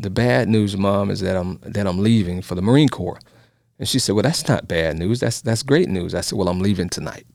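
Deep-voiced minister sharing testimony. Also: male voice, a little mellow, dry recording, studio quality. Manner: storytelling, encouraging. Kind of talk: testimony sermon.

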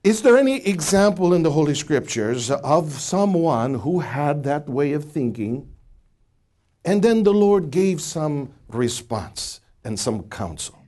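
Male preacher, middle-aged, lively rising and falling delivery, teaching to a studio audience. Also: medium pitch. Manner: animated, questioning the audience, many restarts.

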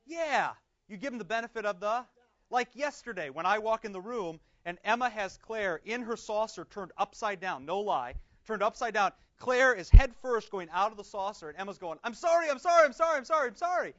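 A male pastor leads a Bible class with a high, lively voice. He keeps putting questions to the group and answering them himself. He slows down for readings, and the recording sounds dull and lo-fi. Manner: slows down to read prayers aloud.

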